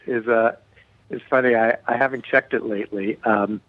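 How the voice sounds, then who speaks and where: A man's voice: mid-range voice, a little fast, no echo. A man talking as a guest musician in a casual radio interview, chatty and joking, heard over a phone line.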